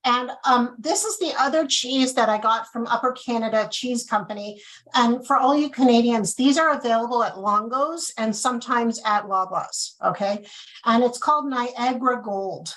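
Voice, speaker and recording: On a rough recording, a woman with a slightly high, somewhat bright voice runs a casual wine and cheese tasting over a video call at a moderate pace. She's chatty throughout, tacking an "okay?" onto each point as she walks through the live demo.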